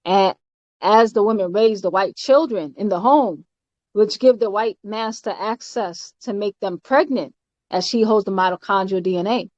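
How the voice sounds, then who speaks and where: An emphatic woman teaches doctrine in a mid-pitched voice. She stumbles and repeats words, then presses each point home with "all right?" The recording is dull and lo-fi, with a dry, close sound. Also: a little mellow, dry recording. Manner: halting, with frequent fillers and repeated words. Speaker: spiritual teacher.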